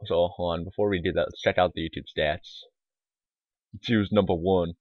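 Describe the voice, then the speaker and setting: A man's voice: low voice, steady tone, normal speed, dry recording. A man giving casual, rambling let's-play commentary, mumbling asides with lots of fillers, on a tinny, lo-fi mic. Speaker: gaming YouTuber. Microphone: desktop microphone.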